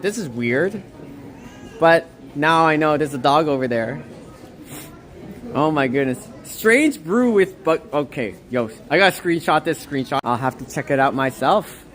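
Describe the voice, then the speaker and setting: A woman livestreaming as she walks outdoors, reading chat aloud in an excitable, gushing, rambling way. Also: sits low. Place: outdoors on a snowy town walk.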